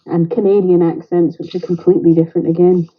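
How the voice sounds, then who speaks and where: A woman's voice: lowish voice, level tone, fast, slightly rough. A woman with a Greater Manchester accent, chatting casually as a caller from outdoors in her garden. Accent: Northern English, Greater Manchester. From England. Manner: chatty, laughs easily. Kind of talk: casual chat. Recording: dull lo-fi call audio.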